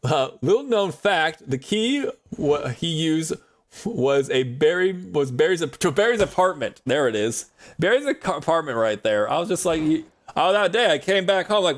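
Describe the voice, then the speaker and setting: A man's voice: a little high, expressive, moderate pace. Rambling, jokey male streamer. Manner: rambling, jokey, laughs often. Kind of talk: casual chat with a live stream audience.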